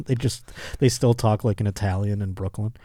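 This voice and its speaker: A man's voice: lowish voice, normal speed, mellow, no room sound, studio quality. A man hosting a comedy podcast, reading a news story aloud and riffing on it with jokes and laughter. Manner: joking, riffs on the article, laughs often. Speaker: podcast host.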